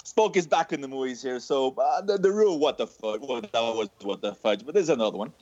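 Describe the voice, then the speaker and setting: Give me an animated man telling a story on a podcast, voice rising and falling, with a dry, muffled sound. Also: mid-range voice, a little fast, dry recording. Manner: animated, says "dude" constantly. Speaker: podcast co-host. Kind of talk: casual storytelling chat.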